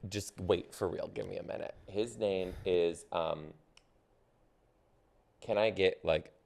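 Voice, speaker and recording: A man's voice: deep voice, slow pace, creaky, a little mellow. A man co-hosting a casual podcast chat, from Detroit, groping for answers with hesitant fillers. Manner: hesitant, searching guesses with many fillers. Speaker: co-host.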